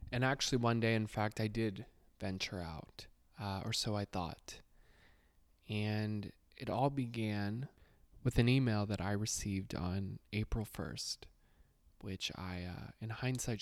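A man telling a comedic storytime, full of sarcastic self-deprecating asides and quick laughs. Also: on the low side, vocal fry. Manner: laughs often, lively mock quotes.

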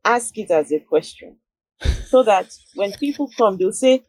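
A woman's voice: mid-range voice, expressive, a little slow, husky, dry recording, poor audio. A woman in an online audio room discussion, chatty and insistent as she tells a story. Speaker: participant. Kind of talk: casual group discussion.

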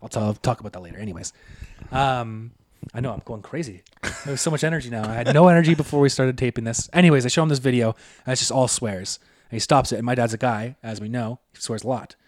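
A young man co-hosting a casual podcast, spinning loose, profane stories and laughing as he goes. His voice sits at an ordinary pitch and is recorded close and dry, with no room sound. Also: fast, no echo. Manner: rambling, profane storytelling with laughs. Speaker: podcast co-host. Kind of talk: casual chat.

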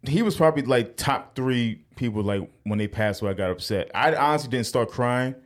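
A man's voice: medium pitch, lively intonation, a little fast. A man hosting a podcast, chatting in a laid-back, profane way that is full of fillers. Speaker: podcast host. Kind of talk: casual podcast chat.

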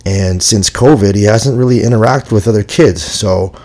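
A man's voice: on the low side, normal speed, darkish tone. A middle-aged man hosting his own podcast, talking in a candid, laid-back monologue that is full of casual swearing. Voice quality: gravelly, husky. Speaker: podcast host.

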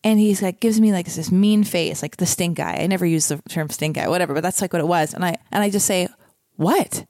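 A woman's voice: lowish voice, fast, hardly any pauses, dark tone, dry recording, studio quality. A young woman telling a story in a casual chat, acting out both sides of the dialogue.

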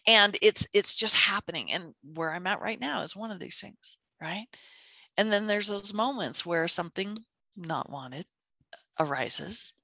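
A woman's voice: medium pitch, unhurried, no room sound. A woman in casual conversation, telling stories animatedly and acting out quotes. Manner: animated, storytelling with acted-out quotes. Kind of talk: casual chat.

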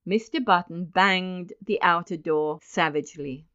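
A woman narrating a story aloud in a wry, expressive reading. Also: fairly low pitch, measured pace, clean tone. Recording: dull lo-fi recording.

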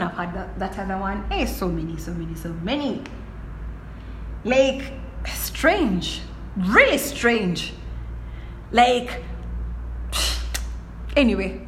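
A young adult woman hosting her own podcast, telling stories in a lively, chatty way and often saying "like" and asking "do you understand?". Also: on the high side, a little hiss or hum. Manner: animated storytelling, frequent "like" and "do you understand?". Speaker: podcast host. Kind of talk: casual solo monologue.

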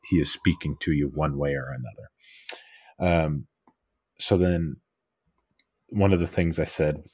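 A man with a very deep, husky voice co-hosts a relaxed faith chat. He rambles through his stories, leaning on little fillers, and the sound is dry and close. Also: dry recording. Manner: rambling storyteller, many fillers. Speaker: podcast co-host. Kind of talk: casual faith discussion.

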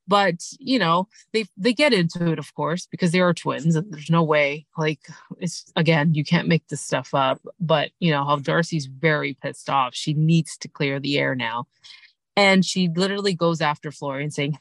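A woman hosting a podcast, talking in a chatty, casual way from inside her car and breaking into quick impressions of the people she describes. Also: low voice, no echo. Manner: chatty, animated, mimics people in quick asides. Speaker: podcast host recapping reality TV. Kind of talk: casual recap chat.

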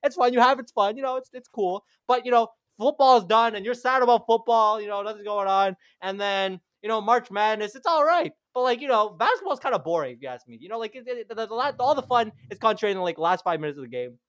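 A young man argues in a heated, sarcastic rant and drops the odd swear. His voice sits high for a man. It is recorded close and dry. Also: expressive, quick pace, few pauses, a bit bright, no room sound. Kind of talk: casual chat.

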